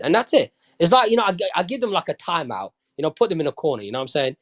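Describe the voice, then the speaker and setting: Blunt, animated man from London. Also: on the high side, very fast. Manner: blunt, profane, keeps asking "do you understand?". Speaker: podcast guest. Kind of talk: casual chat.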